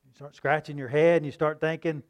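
A man's voice: a little high, little pitch movement, a little fast. Man preaching in a casual, questioning way. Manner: conversational preaching with rhetorical questions and restarts. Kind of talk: sermon.

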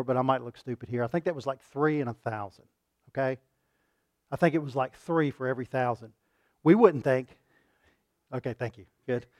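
A man preaching a sermon, rising to loud emphatic peaks and dropping to quiet asides, asking his listeners questions and repeating words for emphasis. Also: medium pitch, no room sound, clean studio sound.

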